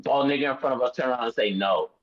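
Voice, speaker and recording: A man in casual chat, ranting fast and heatedly. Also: medium pitch. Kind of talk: casual chat among friends. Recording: slightly dull lo-fi mic.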